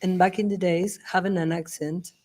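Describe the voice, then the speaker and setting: Measured woman with Latin American accent. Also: fairly low pitch, steady tone, a little mellow, low-quality recording. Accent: Latin American Spanish. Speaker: podcast guest. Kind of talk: live conversational podcast.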